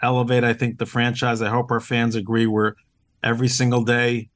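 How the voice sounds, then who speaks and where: This podcast guest is a team owner chatting in a relaxed interview, his mid-range male voice brisk and monotone. He sounds earnest and enthusiastic, peppering sentences with "uh" and starting over often. There's no room sound.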